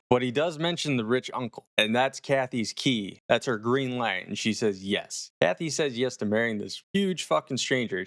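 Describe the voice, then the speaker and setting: A man hosting a horror review, retelling scenes in a casual, animated, profane way. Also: medium pitch, normal speed, few pauses, dry recording, clean studio sound.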